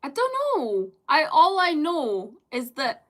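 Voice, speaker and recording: A woman's voice: high voice, big pitch swings, slow pace, a bit bright. A British woman live-streaming, chatting casually with viewers in a rambling way and laughing often.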